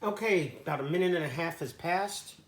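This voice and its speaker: A man's voice: fairly high pitch, a little fast. A man cooking at his home stove and talking to the camera in a casual demo, in a jokey put-on Italian accent. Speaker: home cook.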